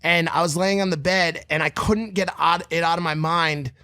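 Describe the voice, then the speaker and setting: A man co-hosting a podcast, telling crude stories in casual chat with lively mimicry. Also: normal speed, clean tone, dry recording, studio quality. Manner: animated, crude storyteller who mimics others in a high voice. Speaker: podcast co-host.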